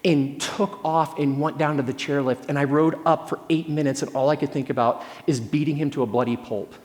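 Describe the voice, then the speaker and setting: A man playing a shaken, angry father who speaks low and quietly tense, with a long hall reverb. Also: fairly even intonation, fairly quick, close to an everyday voice. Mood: seething.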